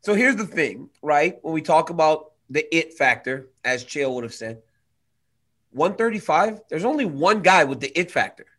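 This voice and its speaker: A man's voice: on the high side, expressive, normal speed, fairly bright tone, breathy edge. A man co-hosting a casual sports chat, emphatic in his opinions and playfully mocking himself and his co-host.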